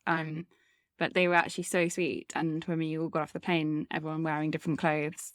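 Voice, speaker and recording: A woman's voice: low-pitched, little pitch movement, fairly quick, no room sound, clean studio sound. A woman co-hosting a podcast in casual chat, giggly and self-deprecating as she tells anecdotes. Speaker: podcast co-host.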